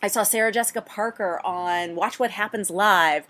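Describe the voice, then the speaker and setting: Blunt, animated woman host. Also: medium pitch, moderate pace, few pauses. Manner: blunt, animated, sprinkled with mild swearing. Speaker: casting coach. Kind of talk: advice talk.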